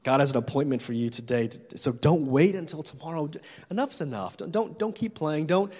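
A man's voice: fairly high pitch, animated, fairly quick, darkish tone, slightly rough, big-room sound. A man preaching a sermon in a church as pastor, making urgent, repetitive appeals to his listeners.

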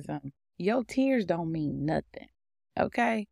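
Woman host, animated devotional teaching, AAVE speech, gravelly voice, dry close sound. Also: medium pitch, moderate pace, dry recording. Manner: animated, conversational, laughing often. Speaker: podcast host.

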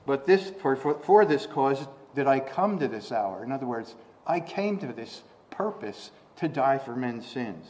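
A man preaching a sermon, reading scripture and explaining it, repeating words and restarting, then rising to loud emphatic bursts on the quoted lines. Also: a little high, moderate pace.

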